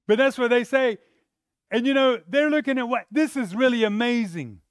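A male preacher giving a sermon, retelling a story with animated energy that swings between quiet and loud. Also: extremely high pitch, normal speed, clear, resonant tone, no room sound, studio quality.

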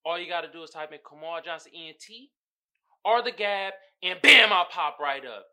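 A man hosting his own podcast in casual solo chat, slangy and animated, laughing often. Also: a little high, moderate pace. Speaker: podcast host.

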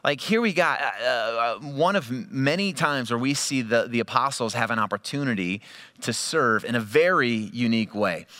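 A man delivers a sermon with a clear, bright tone and a relaxed, conversational manner. He drifts into storytelling and acts out quoted lines. His voice climbs with excitement at the high points. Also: normal speed. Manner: animated storytelling, voice rising with excitement; conversational, with quoted asides and fillers. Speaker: pastor.

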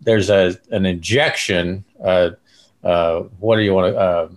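An older man co-hosting a casual podcast, halting and searching for words as he talks. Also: sits low, steady tone. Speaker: broadcast engineer, co-host.

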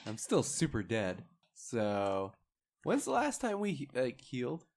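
A man with a lively, animated voice plays a tabletop game. He talks with a self-mocking, teasing humor. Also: medium pitch, measured pace. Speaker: player.

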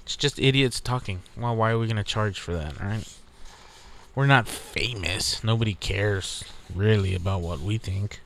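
A man's voice: fairly low pitch, normal speed, a bit bright, slight background noise. A man from Texas hosting a podcast alone, talking in a rambling, profane, laid-back way. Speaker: podcast host. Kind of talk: casual solo podcast monologue.

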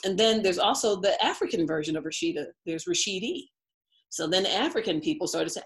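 A woman's voice: medium pitch, brisk, fairly bright tone. Chatty woman telling a life story. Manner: chatty, laughs often, says "like" a lot. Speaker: interview guest. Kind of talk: candid personal storytelling.

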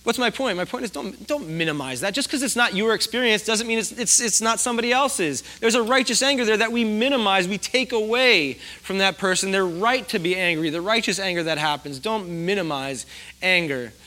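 A man's voice: high-pitched, brisk, pushed and bright. A middle-aged man preaching a sermon in a conversational, self-deprecating way, often putting questions to the congregation. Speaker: pastor.

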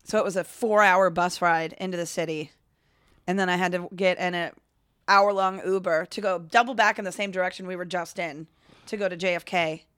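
A woman's voice: on the low side, steady tone, a little fast, fairly bright tone, clean tone, no echo, clean studio sound. A woman co-hosting a podcast, telling stories in casual chat with laughs and swearing. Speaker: podcast co-host.

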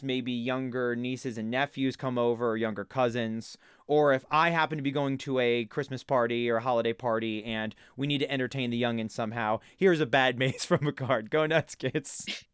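Smooth-voiced joking podcast man. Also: medium pitch, steady tone, normal speed, fairly bright tone, no echo, studio quality. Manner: rambling, mock-earnest jokes. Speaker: podcast co-host. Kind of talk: casual comedic podcast chat.

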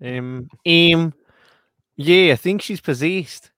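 A man's voice: a little high, slow, a bit bright, dry recording, studio quality. A man hosting a casual watch-along, reading out viewer comments and laughing often. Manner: laid-back, laughs often.

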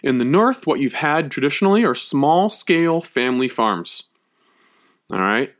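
A man's voice: medium pitch, big pitch swings, normal speed, a bit bright. A man delivering a history lecture in a conversational, emphatic way. He stresses key points and keeps checking that his listeners follow. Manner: emphatic, checks in with frequent "okay?".

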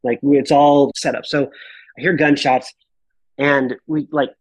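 Animated, swearing man telling a story. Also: medium pitch, measured pace, no echo, poor audio. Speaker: podcast guest. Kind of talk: casual storytelling.

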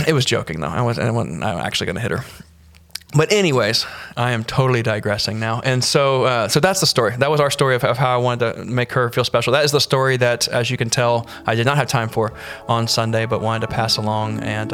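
A man of middle pitch tells a personal story for a church podcast. He talks in a relaxed, halting way, stopping often to restart a phrase. Faint music plays quietly under his voice. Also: vocal fry. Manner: halting, many fillers and restarts.

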